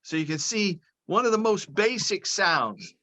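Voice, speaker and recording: A man's voice: sits high, sing-song, measured pace, sharp tone. A man being interviewed over a video call, explaining things patiently and step by step like a lecturer. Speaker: guest, cannabis and hemp advocate.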